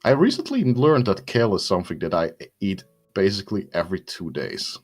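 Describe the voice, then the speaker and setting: A man streaming a card game with friends, reading the card prompts aloud in a deadpan, joking way. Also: deep voice, brisk, husky, soft background music.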